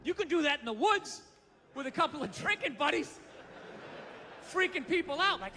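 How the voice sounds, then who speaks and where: A man's voice: extremely high pitch, animated, moderate pace, long pauses, pushed and bright, big-room sound, slight background noise. A man doing a stand-up comedy routine on a club stage, ranting with profane disbelief.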